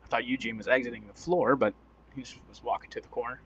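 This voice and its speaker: A man's voice: mid-range voice, fast, breathy edge, dry recording. Chatty man calling a game, dull lo-fi sound. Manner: excitable, chatty, often laughs. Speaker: live-stream commentator. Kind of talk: casual play-by-play commentary.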